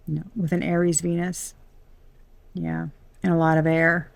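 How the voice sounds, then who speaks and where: A woman's voice: low voice, level tone, measured pace, vocal fry, pauses often, no room sound. Blunt, profane woman reading tarot. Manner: blunt, swears freely, exasperated asides. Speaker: tarot reader. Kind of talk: casual collective tarot reading.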